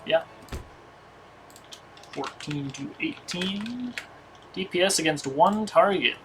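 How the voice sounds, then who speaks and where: A man's voice: high voice, lively intonation, slow pace, noisy background. Man muttering numbers over gameplay. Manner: muttering numbers while testing. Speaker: streamer. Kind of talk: casual gameplay commentary.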